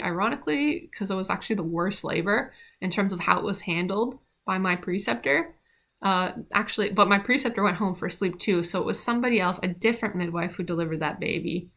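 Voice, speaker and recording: A woman's voice: on the low side, a little fast, gravelly, a bit bright. A young woman casually telling a rambling personal story about her midwifery training, with many fillers and restarts.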